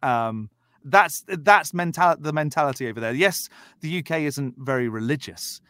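A man's voice: fairly high pitch, animated, normal speed, a bit bright, no echo, studio quality. A man from the south of England with a Southern English accent, telling stories animatedly as a podcast guest and acting out quoted voices. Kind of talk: casual storytelling chat.

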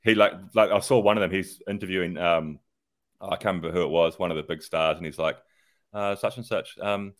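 A man's voice: low voice, steady tone, brisk. A man, co-hosting a podcast in casual, rambling, sweary chat. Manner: rambling, laid-back, sweary. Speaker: podcast co-host.

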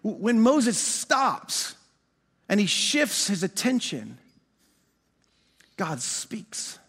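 Man, pastor, sermon, high voice, long hall reverb. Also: drawn-out words, slightly rough. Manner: animated, repeats words, asks the congregation questions.

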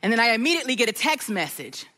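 High, bright-voiced woman preacher. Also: rapid-fire, in a large hall. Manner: animated storytelling, acts out the voices of others. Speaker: pastor. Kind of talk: sermon with personal story.

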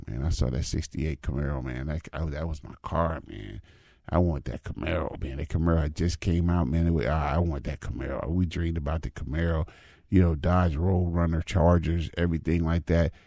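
A man's voice: deep voice, gravelly, darkish tone, dry recording, studio quality. A man in his fifties telling folksy personal stories in a casual, repetitive way, often adding "man" and "you know what I mean". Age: 50s. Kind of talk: casual storytelling monologue.

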